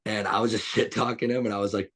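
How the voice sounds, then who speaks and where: A young man with a low, slightly husky voice tells rowdy anecdotes on a podcast. He is loose and profane, and he keeps laughing through his own stories. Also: little pitch movement, fast, fairly bright tone. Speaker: podcast guest. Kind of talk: casual storytelling chat.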